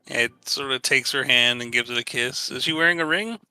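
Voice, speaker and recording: A man playing a tabletop game, describing his character's actions in a relaxed way with fillers. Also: mid-range voice, fairly quick, clean tone, dry recording, soft background music. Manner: relaxed, thinking aloud with fillers. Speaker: player.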